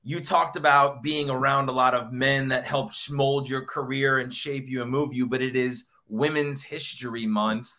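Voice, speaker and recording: A man's voice: mid-range voice, steady tone, normal speed, hardly any pauses, sharp tone. A man hosting a casual online show, upbeat and effusive. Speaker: show host.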